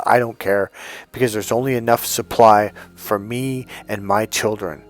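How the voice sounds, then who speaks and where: Low-voiced, blunt, swearing male coach. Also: steady tone, measured pace. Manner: blunt, profane, acts out both sides of conversations. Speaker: dating coach. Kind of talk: storytelling to camera.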